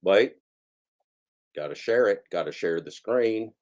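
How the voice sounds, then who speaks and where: A man hosting a comic karaoke livestream, rambling and halting, who talks about himself in the third person with mock-grandiose showman patter. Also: lowish voice, expressive, darkish tone. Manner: rambling, halting, restarts mid-phrase. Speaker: karaoke stream host.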